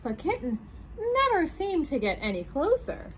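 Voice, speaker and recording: A woman, a children's librarian, reading picture books aloud at a storytime, animated and asking her young listeners questions. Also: high-pitched, normal speed, a little hiss or hum, low-quality recording.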